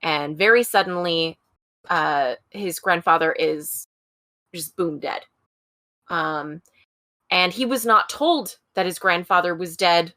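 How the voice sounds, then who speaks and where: A woman's voice: fairly low pitch, slow pace, sharp tone, no echo, clean studio sound. A woman co-hosting a true-crime podcast, telling the story casually with wry asides. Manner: chatty, wry asides with frequent laughs. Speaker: podcast co-host.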